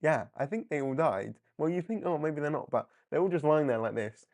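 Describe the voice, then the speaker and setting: A man hosting a live comic book discussion, animated and often laughing as he briefly acts out characters. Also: on the high side, brisk, creaky. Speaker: comic book livestream host. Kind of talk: casual live commentary.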